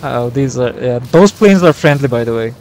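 A young man streaming a war game live, reacting loudly, swearing and yelling at his teammates. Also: mid-range voice, lively intonation, a little fast, slight background noise. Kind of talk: live gameplay commentary.

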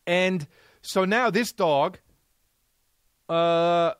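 Profane, exasperated comedian host. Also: male voice, high-pitched, drawn-out words, a bit bright, smooth, no room sound, studio quality. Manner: profane, exasperated, punchy delivery. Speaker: podcast host. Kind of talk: comedic storytelling monologue.

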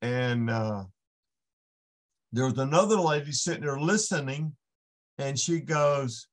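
A man, a ministering guest on a faith podcast, telling a personal story and acting out the voices in it. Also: mid-range voice. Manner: unhurried storytelling, acts out the voices in his story. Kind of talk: casual storytelling testimony.

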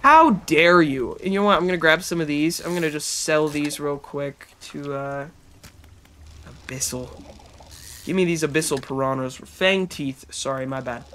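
A man's voice: fairly high pitch, moderate pace, a bit bright, a little hiss or hum. A man streaming live, chatting as he plays and talking back to game characters and his chat. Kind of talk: live gameplay commentary.

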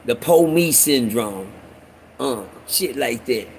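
A man's voice: mid-range voice, lively intonation, slow pace, a little hiss or hum, low-quality recording. A man with a Texas accent telling a rambling, streetwise story to his listeners, cursing often and calling them y'all. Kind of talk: casual storytelling monologue.

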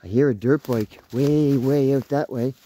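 A man in his thirties vlogging while hiking through the woods, excitable and swearing freely, talking to his dog as he goes. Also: mid-range voice, a little slow. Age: 30s. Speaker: outdoors vlogger. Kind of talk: casual walking vlog. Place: outdoors in woods.

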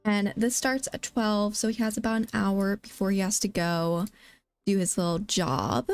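A woman giving casual, excitable gameplay commentary as a let's play host, often exclaiming. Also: medium pitch, moderate pace, no echo, soft background music.

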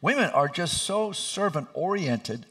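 Man, pastor, sermon, animated storyteller, bright tone, church microphone. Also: fairly high pitch, a little slow. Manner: animated, laughing storyteller who acts out voices. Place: church sanctuary.

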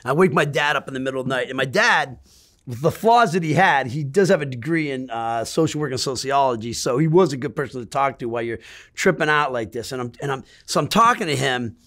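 A middle-aged man in an interview, telling a rambling, profane story in a casual, animated way. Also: mid-range voice, a little fast. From Great Lakes region of the US.

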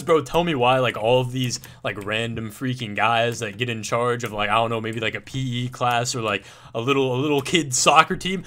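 A man's voice: mid-range voice, moderate pace, few pauses, a bit bright, a little hiss or hum. A young man casually telling a story over gameplay in laid-back, filler-heavy banter. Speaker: gaming YouTuber.

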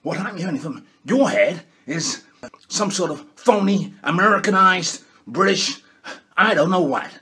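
A man's voice: high-pitched, expressive, a little slow, bright, forceful tone, slightly rough, full character voice. A man doing a comic impression of a boastful, bossy male world leader who keeps tacking "okay?" onto his lines. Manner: bragging, bossy, repeats "okay?".

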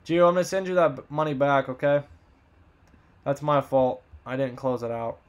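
A man runs a live card box break, quickly calling out buyers and teams in upbeat chatter as his voice fades. His pitch is medium with fairly even intonation, and the recording's highs are cut off.

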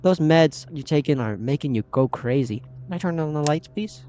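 A man's voice: on the high side, animated, moderate pace, warm tone, highs cut off, soft background music. A young man hosting a horror game let's play, easily startled and talking to himself and his viewers as he goes. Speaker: gaming channel host.

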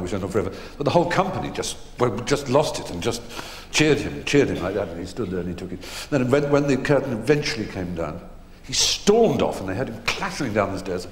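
Middle-aged English man, deep voice, hesitant anecdotal storyteller on a live stage, faint hall reverb. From England. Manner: rambling, hesitant storytelling with many fillers. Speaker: guest performer. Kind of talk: anecdotes before a live audience. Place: theatre stage. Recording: echoey hall, faint noise.

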